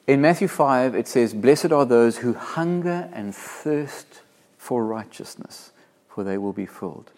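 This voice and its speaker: A man from Africa who is a pastor preaching a sermon. He is earnest and emphatic, slowing down and growing louder when he quotes scripture. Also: medium pitch, animated.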